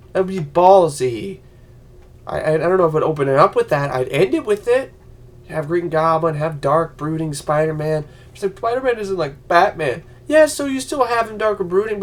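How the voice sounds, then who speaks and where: A man ranting on a vlog, profane and heated, slipping into mocking voices. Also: a little high. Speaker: vlogger.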